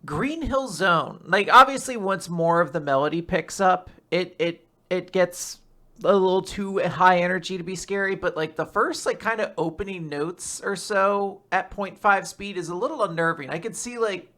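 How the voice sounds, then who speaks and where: Podcast co-host, casual chat, rambling, laughing, bright voice. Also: mid-range voice, moderate pace. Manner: rambling, laughing, filler-heavy.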